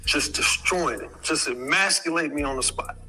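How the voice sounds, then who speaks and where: A man telling a crude, animated personal story to an audience from a stage. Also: a little high, normal speed, husky, faint music behind, poor audio. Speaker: speaker.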